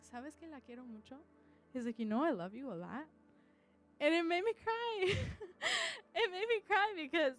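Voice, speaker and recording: A young woman, an English teacher, earnestly sharing a personal testimony and acting out what people said. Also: high voice. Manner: earnest storytelling, acting out quotes.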